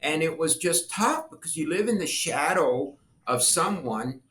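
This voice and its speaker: Bright, lively older man telling stories. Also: fairly high pitch, measured pace, reverberant, a little hiss or hum. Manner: animated storyteller acting out quoted voices, laughing. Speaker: guest, former congressman. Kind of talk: storytelling interview talk.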